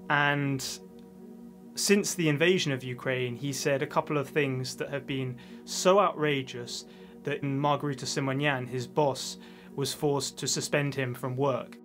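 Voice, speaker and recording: Man commentator explaining things calmly, mid-pitched, soft music behind. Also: measured pace. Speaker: media commentator.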